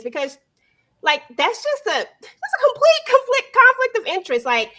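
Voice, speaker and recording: A woman's voice: very high-pitched, wildly swooping pitch, normal speed, sharp tone. A woman co-hosting a casual TV review chat, earnest and explanatory. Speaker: co-host reviewing a TV drama.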